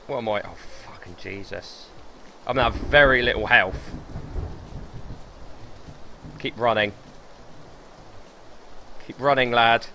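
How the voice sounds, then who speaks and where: Excitable young streamer, bright voice. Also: male voice, mid-range voice, slight background noise. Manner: excitable, swears a lot, talks to himself. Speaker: gaming streamer. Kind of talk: live gameplay commentary.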